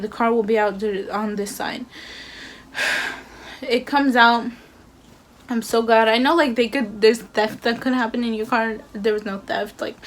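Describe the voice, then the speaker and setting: A woman's voice: fairly high pitch, a little hiss or hum. A young woman telling a storytime vlog in a casual, chatty way, full of fillers and quoted dialogue. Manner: chatty, animated retelling with many fillers. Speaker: vlogger.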